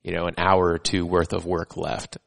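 A man's voice: sits low, normal speed, vocal fry. A man, a firefighter and podcast host, talking casually and earnestly about work. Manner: relaxed, earnest, casual swearing. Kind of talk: casual chat.

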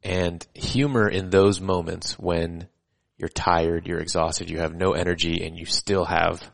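Very deep, gravelly, flat-voiced man. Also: a little slow. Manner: relaxed, earnest, casual swearing. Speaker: podcast host, firefighter. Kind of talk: casual chat.

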